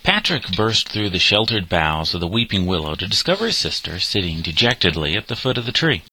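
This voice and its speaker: A man narrating an audiobook in a measured, clear manner. His voice is low yet bright and forceful. The recording is dry and close to the mic. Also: sing-song, no echo, poor audio.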